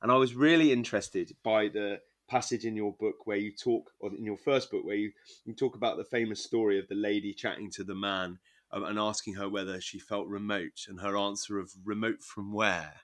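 A man's voice: fairly low pitch, steady tone, brisk. A man from Devon hosting a podcast interview in a polished, enthusiastic manner. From Devon, southwest England. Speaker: podcast host.

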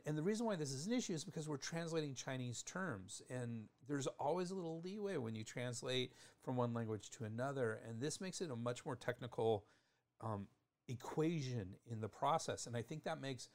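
A man teaching acupuncture terminology in a thoughtful lecture, often restarting phrases and spelling out terms. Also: mid-range voice.

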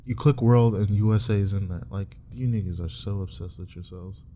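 A man's voice: fairly low pitch, fairly quick, dark tone. A young man chatting casually on his own while browsing, rambling with profane, joking asides. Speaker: streamer. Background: keyboard typing and clicks.

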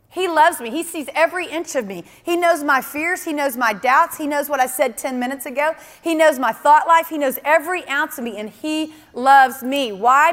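Woman preacher, high voice, earnest and emphatic, repeats for stress, reverberant hall sound. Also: fairly bright tone. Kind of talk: sermon.

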